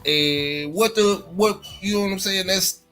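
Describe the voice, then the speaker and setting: A man's voice: sits high, measured pace, pushed and bright, faint music behind. A man hosting a casual livestream chat, rambling with many restarts and filler phrases. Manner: rambling, many restarts and "you know what I'm saying". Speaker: livestream host.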